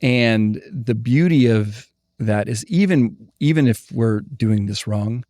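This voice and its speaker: A man's voice: medium pitch, slow, mellow, no echo, studio quality. A man hosting a podcast, chatting supportively and often agreeing. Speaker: podcast host. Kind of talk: casual conversation.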